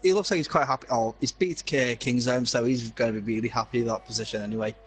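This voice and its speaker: A man's voice: mid-range voice, fairly even intonation, fast. A man from Glasgow co-commentating a sim-racing event live, hesitant and full of fillers as he jokes with his co-host. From Glasgow, Scotland. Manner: hesitant, with frequent fillers and restarts. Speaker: race co-commentator.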